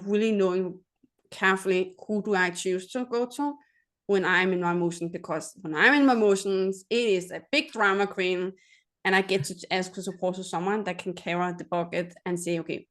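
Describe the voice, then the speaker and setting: A woman's voice: on the low side, brisk, fairly bright tone. A woman host asking questions in an interview, earnest, with slightly phrasing. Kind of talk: interview hosting.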